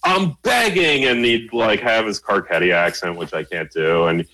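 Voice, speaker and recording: A man's voice: low voice, normal speed, sharp tone, rough recording. A man riffing through jokes in a casual chat, rambling with fillers.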